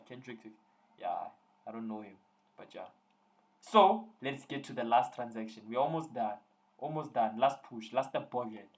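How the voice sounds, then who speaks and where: Young male tutor, jokey and teasing, running a live online lesson. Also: medium pitch. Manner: playful, teasing, joking with students.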